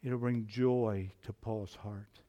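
A man preaching a sermon, moving between hushed, low passages and loud, emphatic climbs. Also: fairly even intonation, slow pace, highs cut off. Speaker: pastor.

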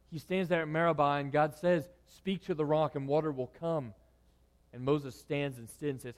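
A man preaching a sermon, moving between loud, emphatic lines and hushed, quiet ones. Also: a little high, steady tone, normal speed. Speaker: pastor.

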